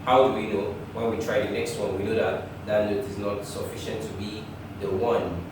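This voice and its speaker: A man teaching choir harmony, talking through the theory and now and then singing short phrases, sometimes in falsetto. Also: steady tone, normal speed, very echoey, recorded from a distance, noisy background. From Nigeria. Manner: talks through theory, often breaks into sung phrases, chuckles. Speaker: music teacher. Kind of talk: choir harmony lesson with sung examples. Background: piano.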